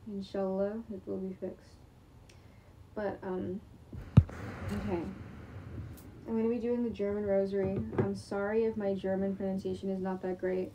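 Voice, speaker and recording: Late at night in a room at home, a sleep-deprived young vlogger talks rambling into a computer screen recording. She speaks at normal speed in a mid-range, level voice, full of fillers, restarts and offhand swearing, with noise in the background.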